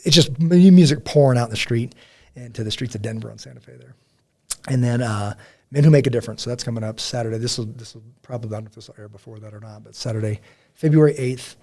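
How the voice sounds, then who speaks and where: A man hosting a casual faith podcast, telling stories in a rambling, animated way with many fillers. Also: medium pitch, quick pace. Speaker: podcast host.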